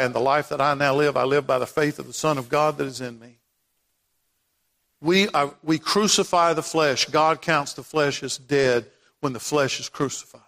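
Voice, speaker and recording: A man preaching a sermon as pastor, swinging from loud declarations to hushed passages. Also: fairly high pitch, in a large hall. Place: church sanctuary.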